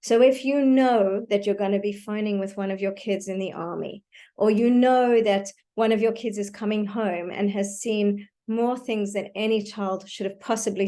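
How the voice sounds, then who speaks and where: A woman speaks over a video call, teaching parents how to calm down before hard conversations. Her voice sits at a middle pitch, and her manner is warm and reassuring, with frequent "okay" check-ins as she walks them through each step. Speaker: parenting educator. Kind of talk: live online talk teaching calming techniques. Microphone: computer mic on a video call.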